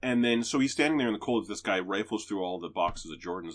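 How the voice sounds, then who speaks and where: A man's voice: on the low side, quick pace. A man hosting a podcast, chatting casually about movies and swearing freely. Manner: profane, animated retelling. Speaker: podcast host reviewing movies. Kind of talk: casual chat.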